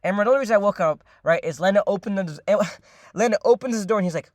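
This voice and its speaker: A young man telling a long, rambling story in a casual, profane way, full of fillers and repeats, often addressing his listeners as ladies and gentlemen. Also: high-pitched, lively intonation, fast talker, dry recording, studio quality.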